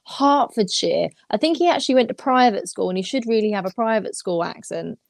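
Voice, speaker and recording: A woman's voice: mid-range voice, animated, a little fast, gravelly, no echo. English woman, podcast co-host, emphatic and indignant, dry sound. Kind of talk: casual podcast chat.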